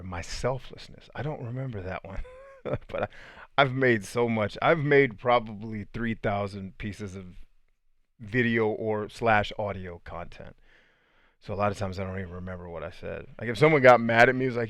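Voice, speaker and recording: A middle-aged man hosting a live podcast, reading viewer comments aloud in a relaxed, chatty way and stumbling over names. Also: on the low side, moderate pace, no echo, clean studio sound. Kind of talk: casual live-stream chat.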